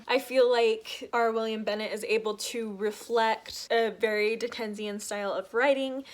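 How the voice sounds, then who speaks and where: A young woman talking casually to camera as a book vlogger, chatty and enthusiastic. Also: medium pitch.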